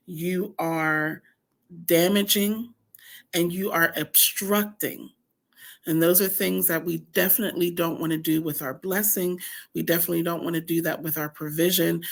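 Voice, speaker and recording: A woman with a deep, husky morning voice, giving an earnest faith-based motivational teaching at a women's camp and stressing her points through repeated lists. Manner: earnest, emphatic repetition of lists.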